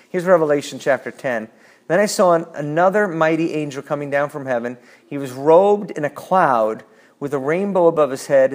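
A man leading a Bible study, explaining passages in a thoughtful, searching way and reading scripture aloud. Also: medium pitch. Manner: thoughtful, reads scripture aloud, frequent restarts.

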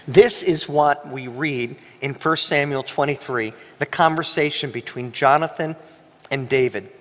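A man pastor preaching a sermon, telling stories animatedly and breaking into a coughing fit now and then. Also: a little slow. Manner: animated storytelling, voice rising high when quoting himself. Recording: long hall reverb.

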